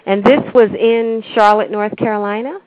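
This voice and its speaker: A woman hosting an interview, asking polite and measured questions with small hesitations. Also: mid-range voice, steady tone, slight background noise. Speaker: interview host. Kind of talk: radio interview. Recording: tinny phone-like radio audio.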